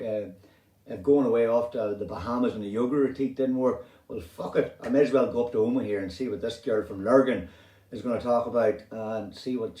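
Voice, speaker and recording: Swearing Northern Irish man telling his story. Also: on the low side. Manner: animated, rambling, swears freely. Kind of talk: casual personal storytelling. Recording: roomy sound, distant from mic.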